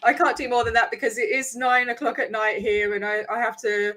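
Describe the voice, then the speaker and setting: A woman, the guest in a casual interview, friendly and quick to laugh. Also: a little high, level tone, bright, forceful tone.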